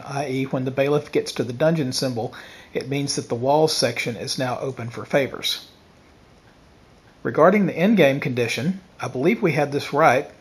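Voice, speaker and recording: Guy going thru game rules one by one, kinda husky voice. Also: medium pitch. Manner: steady, methodical listing of rules. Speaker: host explaining game rules. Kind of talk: read rules explanation.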